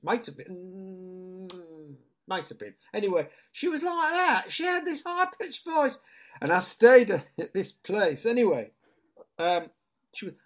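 A man from Hull with a northern English accent, an actor telling stories in a relaxed interview, full of restarts and quick impressions of other people. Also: high-pitched. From Hull, England. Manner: chatty storyteller who breaks into lively impressions, with many restarts. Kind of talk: casual anecdotal chat.

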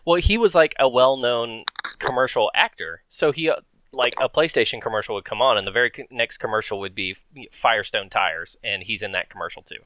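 A man's voice: medium pitch, brisk, bright, forceful tone. A man co-hosting a casual podcast, telling rambling stories full of fillers. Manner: rambling storyteller, lots of fillers. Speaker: podcast co-host. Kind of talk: casual chat.

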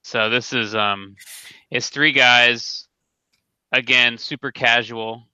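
A man hosts a casual podcast through a headset, his voice very bright and smooth. He jokes at his own expense and drifts into quick asides. The sound is close and dry. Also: medium pitch, steady tone, dry recording, lo-fi sound. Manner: joking, self-deprecating, quick asides. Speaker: podcast host.

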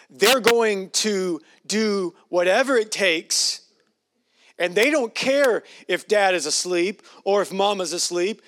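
High-voiced joking pastor. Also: male voice, fairly bright tone. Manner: folksy and joking, playful asides. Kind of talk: sermon.

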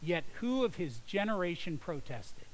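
Male pastor preaching, high voice, goes hushed then loud, very dramatic sermon delivery. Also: big pitch swings, normal speed, slight background noise, poor audio. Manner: dramatic, quoting scripture with swings between hushed and loud.

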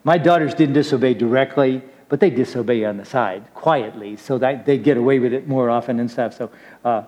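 Chatty middle-aged preacher, lo-fi recording. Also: male voice, medium pitch, fairly quick, mellow, in a large hall. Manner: chatty and self-deprecating, laughs at his own stories. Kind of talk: casual storytelling sermon to young people.

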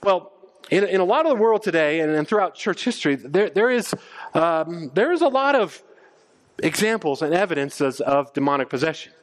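A middle-aged man preaching a sermon as pastor, animated, often stammering on restarts. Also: fairly high pitch, moderate pace. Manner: animated, stammers on restarts, acts out quoted voices.

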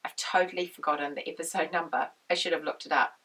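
A woman with a slightly low, croaky voice chats to her viewers. She rambles easily and drifts into tangents. She sits a little way back from the microphone. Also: steady tone, quick pace, pushed and bright, distant mic, poor audio. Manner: chatty, rambling, goes off on tangents. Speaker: knitting podcast host. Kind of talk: casual chat to camera.

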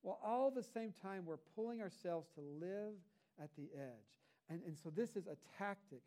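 High-voiced man preaching a sermon. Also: expressive, moderate pace, dark tone. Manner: conversational preaching with rhetorical asides. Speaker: pastor.

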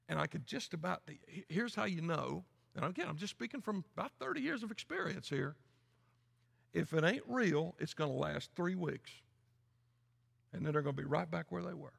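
A gravelly, fairly high-pitched man. He is blunt and folksy, dropping to quiet asides and rising to loud preaching. His voice rings with the long echo of a large church sanctuary. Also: expressive, normal speed. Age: 50s. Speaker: pastor. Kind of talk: sermon. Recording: echoey church hall.

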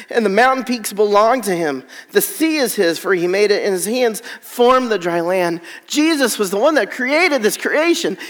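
A man's voice: high voice, a bit bright. A man preaching a sermon, reading scripture aloud with dramatic drops to near whispers. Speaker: pastor. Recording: long hall reverb.

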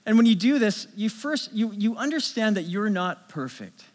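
Man preaching, high voice, middle-aged, animated storytelling, lingering hall reverb. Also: moderate pace. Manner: storytelling, animated, many restarts. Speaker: pastor. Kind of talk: sermon.

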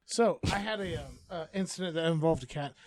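A man's voice: fairly high pitch, brisk, a little hiss or hum. A man telling a long, profane neighborhood story as a podcast co-host in casual chat.

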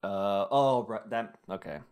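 A man's voice: on the low side, a little slow, darkish tone, clear, resonant tone. A young man hosting a casual podcast, recapping a film with rambling filler-heavy asides and jokes. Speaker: podcast host summarizing a film. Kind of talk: casual chat.

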